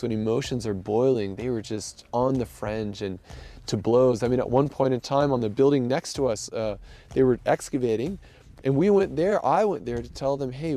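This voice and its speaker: A man recounting his time as a volunteer rescue worker, telling the story in a casual, animated way with many restarts. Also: mid-range voice, creaky. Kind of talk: casual spoken recollection.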